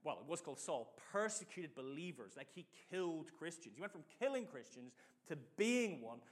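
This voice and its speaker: A middle-aged man preaching a sermon in a lively, chatty way, telling personal stories and leading his audience in call-and-response. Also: fairly high pitch.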